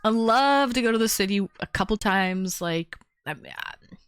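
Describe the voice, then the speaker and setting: A woman's voice: medium pitch, expressive, moderate pace, smooth, dry recording. Chatty woman streaming. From Toronto, Canada. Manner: chatty, reads chat aloud and answers viewers. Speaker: full-time streamer. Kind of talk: casual livestream chat, unboxing. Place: home, small town.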